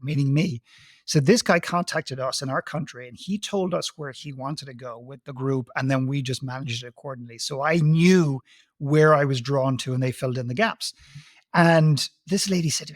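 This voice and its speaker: A man's voice: medium pitch, a little fast, no echo, studio quality. A man speaking as a guest coach on a podcast, talking emphatically and telling stories with acted-out quotes. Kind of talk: conversational podcast interview.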